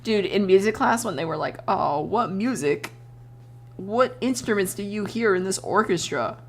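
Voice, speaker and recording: A young adult woman streamer chatting casually while she draws, telling animated stories, laughing often and swearing freely. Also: medium pitch, moderate pace, a little hiss or hum. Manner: animated storytelling with voiced quotes.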